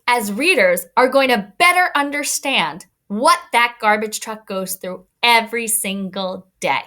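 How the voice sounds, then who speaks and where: A woman's voice: on the high side, lively intonation, measured pace, few pauses, bright, forceful tone. A woman teacher giving a read-aloud lesson to young children, encouraging and thinking aloud as she explains.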